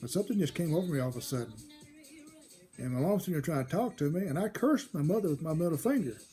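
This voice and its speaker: A man's voice: a little high, animated, fast talker, warm tone, soft background music. A man telling a personal story from his childhood, rambling and often repeating and restarting his phrases. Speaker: storyteller host.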